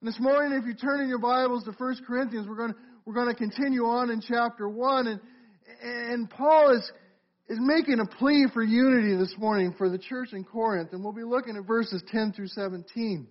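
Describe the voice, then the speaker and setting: A middle-aged man with a strikingly high voice delivers a sermon from the pulpit. His manner is conversational, and he often turns to question the congregation. The church recording sounds muffled and lo-fi. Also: a little fast. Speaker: pastor. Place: church sanctuary.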